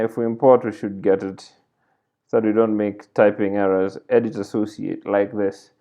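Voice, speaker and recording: Slow low-voiced guy walking thru code, keeps saying like this, kinda muffled audio. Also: creaky, warm tone. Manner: thinks aloud while typing, frequent "right?" and "like this". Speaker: coding tutorial instructor. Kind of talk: screencast coding walkthrough. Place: at a computer, indoors.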